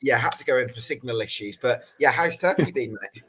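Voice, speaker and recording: Husky-voiced friendly male podcast host. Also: medium pitch, expressive, fairly quick, a bit bright, low-quality recording. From Birmingham area. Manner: friendly, chatty, calls the guest mate. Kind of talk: casual chat.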